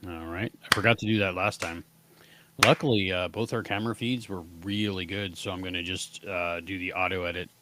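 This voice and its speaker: A man with a very low voice chats casually as a podcast co-host. He sounds relaxed and easygoing, with frequent pauses and fillers. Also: noisy background.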